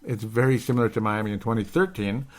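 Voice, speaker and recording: A man's voice: lowish voice, fairly even intonation, quick pace. A man hosting a live sports podcast, talking casually and at length, repeating himself and tagging lines with "okay?". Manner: talkative, repeats himself, frequent "okay?" asides. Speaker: podcast host.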